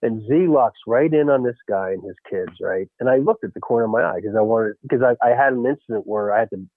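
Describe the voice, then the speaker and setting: A former baseball coach telling a lively story in a radio interview, peppering his talk with "you know" and "right?". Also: medium pitch, fast, dry recording. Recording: tinny phone line.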